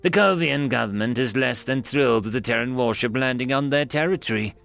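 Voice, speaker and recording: A man's voice: mid-range voice, fairly quick, vocal fry, a bit bright, faint music behind. A man voicing a brutish, hot-tempered three-eyed alien general with a bullying, snarling manner in a storybook reading. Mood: haughty.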